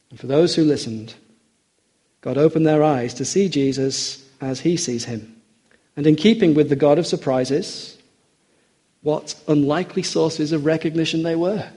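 Male preacher, husky and mellow, earnest sermon delivery with emphatic rises. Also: on the high side. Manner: earnest, rising for emphasis, slows on quoted scripture.

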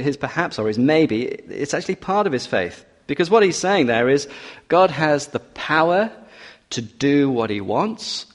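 A man's voice: mid-range voice, big-room sound. A man preaching an expository sermon, walking through a passage verse by verse with teasing asides and emphatic urging.

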